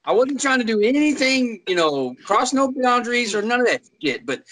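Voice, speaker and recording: A man's voice: extremely high pitch, normal speed, a little hiss or hum, rough recording. A young man telling a story in casual podcast chat, swearing often and getting worked up. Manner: animated storyteller, swears a lot. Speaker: podcast co-host.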